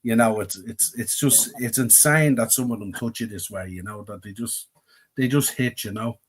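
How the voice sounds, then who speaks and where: A man's voice: mid-range voice, moderate pace, breathy edge. A man with an Irish accent, co-hosting a podcast in casual chat. He talks in a rambling, reflective way, with many fillers. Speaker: podcast co-host.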